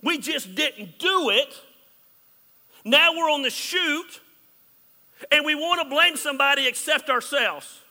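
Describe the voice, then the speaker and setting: A man preaching a sermon as pastor, candid and joking, swinging between loud emphasis and hushed asides. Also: extremely high pitch, animated, takes it slowly, long pauses, long reverb tail.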